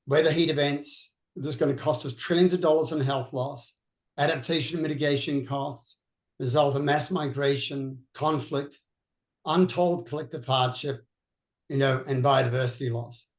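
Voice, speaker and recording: A man's voice: mid-range voice, fairly even intonation, normal speed, echoey room. A man with an Australian accent, a veterinary neurologist answering on a panel in an earnest, explanatory way.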